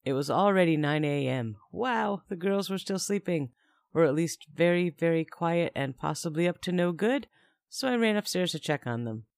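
A woman's voice: on the low side, animated, moderate pace, a little mellow, dry recording, clean studio sound. A young woman narrating a first-person story in a chatty tone with wry asides.

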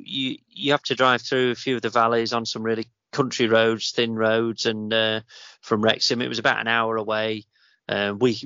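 Northern english guy rambling through a story on his podcast, bright voice, kinda dull lo-fi sound. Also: medium pitch, no echo. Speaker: podcast host. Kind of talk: casual chat.

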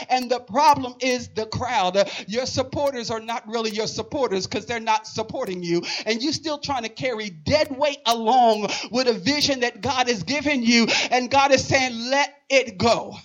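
Guy preaching at a live service, really high voice, worn out but fired up. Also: lo-fi sound. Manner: impassioned, rhythmic preaching. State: tired. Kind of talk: sermon.

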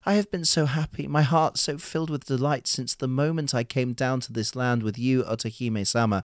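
A man's voice: mid-range voice, fairly even intonation, fairly quick, dry recording, studio quality, close to an everyday voice. Man doing an earnest young fisherman, heartfelt.

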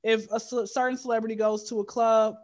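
A woman comedian telling stories in an animated, joking way, often jumping into voices. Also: a little fast, dull audio. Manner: animated, jumps into high mimicking voices. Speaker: comedian guest. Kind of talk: comedic storytelling.

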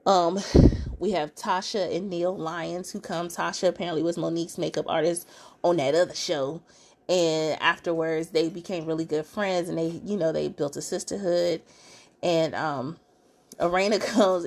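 A woman hosting a podcast, giving a casual, chatty recap full of fillers and expressive asides. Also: fairly low pitch, moderate pace. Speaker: podcast host.

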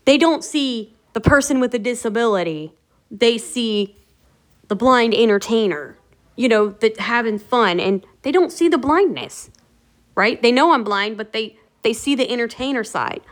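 A woman's voice: on the high side, normal speed. A woman hosting a motivational video series, talking casually to the camera in a chatty, encouraging way with lots of fillers. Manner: chatty, animated storytelling with many fillers.

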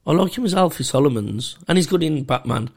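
A man's voice: fairly high pitch, lively intonation, brisk, vocal fry. A man on a podcast, swearing and joking in casual banter. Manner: sweary, jokey, laughs a lot. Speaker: podcast co-host.

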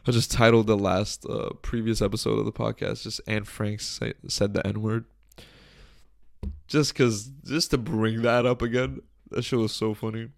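Hoarse, gravelly-voiced young man with a cold. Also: on the low side, no room sound, clean studio sound. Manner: crude, joking, rambling. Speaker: podcast host. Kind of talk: casual solo podcast chat. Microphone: studio microphone, close.

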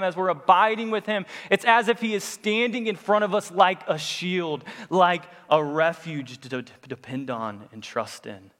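A man's voice: high voice, a bit bright. A young man giving a conversational sermon that weaves in a personal story, with lots of fillers and restarts. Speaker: preacher. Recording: long hall reverb.

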